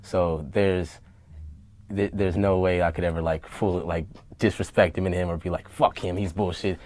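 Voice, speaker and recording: A man being interviewed about his music, talking candidly and rambling, profane and quick to get worked up. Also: sits low. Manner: rambling, profane, gets heated and animated. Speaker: rapper and producer being interviewed. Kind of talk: candid casual interview talk. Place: home studio basement.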